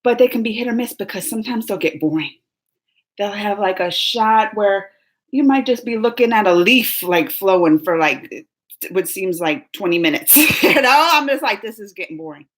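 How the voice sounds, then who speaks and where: A woman hosting a live movie chat, talking in a rambling, animated way with lots of fillers and laughs. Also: mid-range voice, moderate pace. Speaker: host of a movie reaction livestream. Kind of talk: casual livestream chat.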